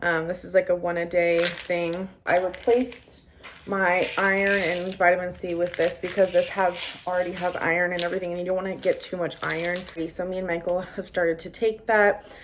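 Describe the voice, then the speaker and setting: A young woman vlogging to camera in a relaxed chat full of fillers. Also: lowish voice, normal speed, background noise. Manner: chatty, many fillers. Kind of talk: casual talk to camera.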